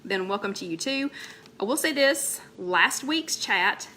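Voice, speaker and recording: Bright-voiced chatty woman. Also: medium pitch, lively intonation, a little slow, a little hiss or hum. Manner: chatty, rambling, greets viewers mid-sentence. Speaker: host of a weight-loss chat livestream. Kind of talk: casual live-stream chat.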